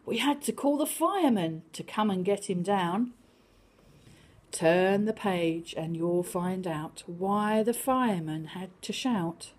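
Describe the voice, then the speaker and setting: Gentle breathy woman reading aloud. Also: medium pitch, takes it slowly. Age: older. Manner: animated, sing-song, often drops to a whisper. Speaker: storyteller reading a picture book to children. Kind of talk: reading a picture book aloud to children.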